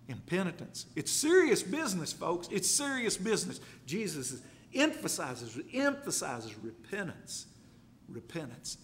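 A man delivers a sermon in a fairly high voice that swoops up and down with emphasis. He reads old-fashioned scripture and hammers key words by repeating them. His voice trails off into a long reverb, as in a big hall. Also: wildly swooping pitch, measured pace, slight background noise. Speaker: preacher.

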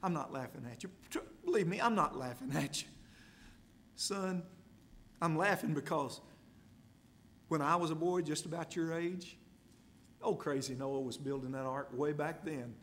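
A man voicing a father who softly reassures his young son. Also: on the high side, moderate pace, pauses often, a little hiss or hum, close to an everyday voice. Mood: reassuring. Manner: soft, reassuring, chuckling.

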